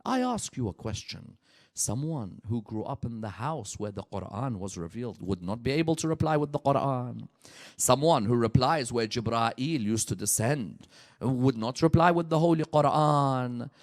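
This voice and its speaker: A man preaching a sermon, telling the story dramatically and swinging from hushed passages to loud, rising peaks. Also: mid-range voice, animated, moderate pace. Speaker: preacher at a religious gathering.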